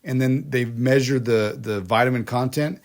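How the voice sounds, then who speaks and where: A mid-range male voice at a normal speed belongs to a podcast co-host from the United States. He chats casually, telling meandering stories full of restarts and laughter.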